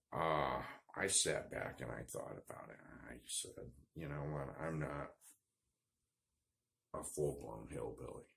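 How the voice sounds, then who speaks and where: A man's voice: low voice, creaky, fairly bright tone. A man telling a rambling, self-deprecating story in a casual vlog, with lots of fillers. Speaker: vlogger.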